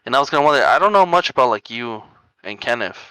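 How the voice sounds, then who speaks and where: Young man, podcast co-host, bright tense voice, dry close sound, rambling chatty delivery. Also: medium pitch, expressive, fast, smooth, dry recording. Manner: rambling storyteller, heavy filler "like", laughs often. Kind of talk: casual chat.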